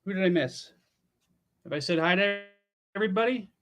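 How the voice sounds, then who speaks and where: A Pennsylvania man near fifty runs a casual livestream from home, talking a little fast in a high, fairly bright voice. His chat is laid-back and sprinkled with casual swearing.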